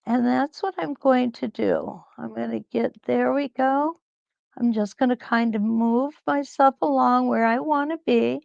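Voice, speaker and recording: A woman hosting a live quilt-along, talking slowly and reassuringly as she thinks aloud through each stitching step. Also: a little high, fairly even intonation, creaky, darkish tone, dry recording, highs cut off. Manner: slow, reassuring, thinks aloud while sewing.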